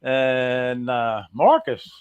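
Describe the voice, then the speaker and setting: A man's voice: medium pitch, lively intonation, very slow, lo-fi sound, crowd noise. A man co-hosting a livestream, greeting viewers one after another in an upbeat way. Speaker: co-host. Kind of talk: casual livestream chat.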